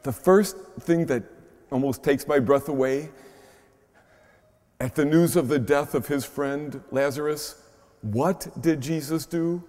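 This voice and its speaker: A pastor with a Midwestern American accent gives a conversational sermon in a large church shrine, where the long reverb of the big space fills the recording. His fairly high, darkish voice moves slowly, and he often tags his points with a questioning "huh?"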